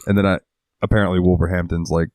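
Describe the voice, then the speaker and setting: A man with a very low voice tells long rambling stories as a podcast co-host, cursing casually as he goes. The sound is dry and close, with no room around him. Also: level tone, quick pace, darkish tone, no room sound. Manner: swears a lot and rambles through stories. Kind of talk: casual chat.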